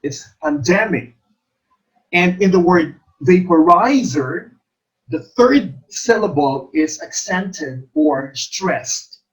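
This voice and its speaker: Slow, lively-pitched male review teacher. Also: rough recording. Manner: explains slowly, repeats terms and stresses syllables. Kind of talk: teacher-exam coaching lecture.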